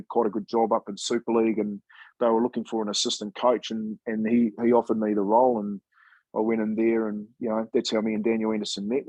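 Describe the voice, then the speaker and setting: A husky man in his fifties, from New Zealand, talks through his old coaching days in a relaxed, chatty way. He calls people "mate" and acts out the voices of people he quotes. His voice sits close and dry, with no room around it. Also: lowish voice, no room sound, low-quality recording. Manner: laid-back, chatty, says "mate" often, acts out quoted dialogue. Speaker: former rugby league player and coach, guest. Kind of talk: casual storytelling interview.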